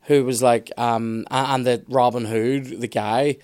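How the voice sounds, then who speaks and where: A man chatting casually on a podcast, opinionated and animated, with some swearing. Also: medium pitch, unhurried, clean tone. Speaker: podcast guest expert.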